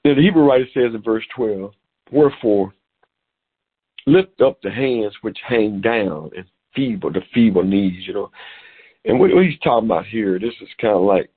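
A middle-aged man preaching a sermon over a phone call, animated and repeating words as he goes. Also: lowish voice, moderate pace, breathy edge. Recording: tinny phone-line sound.

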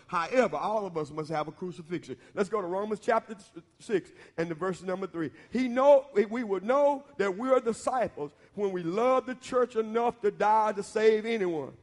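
A man preaching a sermon in a church, bantering with the congregation and building to loud preaching. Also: sits high, normal speed. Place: church sanctuary. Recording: long reverb of a church hall.

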